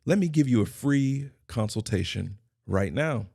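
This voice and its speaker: A man's voice: medium pitch, lively intonation, unhurried, gravelly, warm tone, breathy edge, dry recording, studio quality. A middle-aged man hosting his own podcast, delivering a scripted motivational monologue in emphatic, repeated declarations. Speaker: podcast host and consultant.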